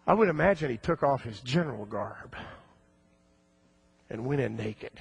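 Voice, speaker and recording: A male preacher telling a story in a sermon, animated and acting out the characters' voices. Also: high-pitched, gravelly, slightly rough, no echo.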